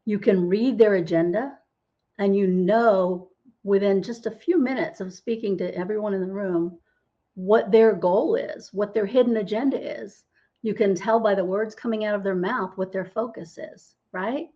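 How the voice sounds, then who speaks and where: A woman's voice: medium pitch, normal speed, dark tone, lo-fi sound. A middle-aged woman, a holistic healer, explaining as a podcast interview guest and often asking "right?" to check in. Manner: explanatory, tags lines with "right?".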